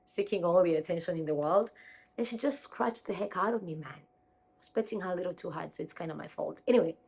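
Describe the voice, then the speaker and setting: A woman's voice: lowish voice, fast, creaky, darkish tone, a little hiss or hum. A young woman from Kenya chatting casually into her phone camera at home, rambling and correcting herself as she talks to her viewers. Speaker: vlogger.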